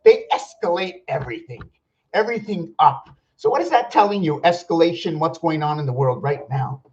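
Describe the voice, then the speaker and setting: A man hosting a rambling vlog monologue, musing aloud with rhetorical questions and slowly counting out numbers, at times loud and worked up. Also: a little high, expressive, husky, lo-fi sound. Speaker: channel host.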